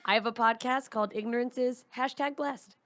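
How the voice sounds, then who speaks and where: A woman comedian guesting on a casual comedy podcast, excitable and joking. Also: on the high side, a little fast.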